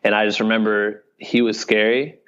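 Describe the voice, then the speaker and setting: Young Midwestern-raised guy, low and flat, loose conversational ramble, dull podcast sound. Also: normal speed, clear, resonant tone. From Iowa, United States. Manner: rambling, frequent "you know what I mean". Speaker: podcast guest, video director. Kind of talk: casual interview talk.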